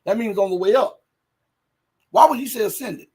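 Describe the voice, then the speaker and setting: A man hosting a livestream, reading viewer chat and commenting emphatically, firing rhetorical questions and building up to shouting. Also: high-pitched, fairly quick, breathy edge. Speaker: livestream host.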